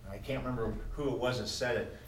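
A man preaching a sermon as pastor, moving between quiet musing and loud, emphatic declarations. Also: medium pitch, fairly even intonation, fast, slight background noise. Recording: echoey room heard from a distance.

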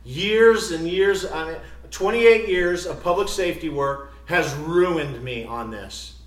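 A middle-aged pastor preaches in a fairly high voice that rings around a roomy church. He swings between loud, emphatic declarations and quiet, confiding asides to his congregation. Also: takes it slowly, far from the mic. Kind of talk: sermon. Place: church sanctuary.

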